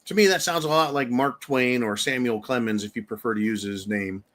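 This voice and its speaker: A man's voice: mid-range voice, brisk, a bit bright. A man hosting a talk show, giving rambling, emphatic, opinionated commentary. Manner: rambling, emphatic, mocking voices for quotes. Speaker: show host.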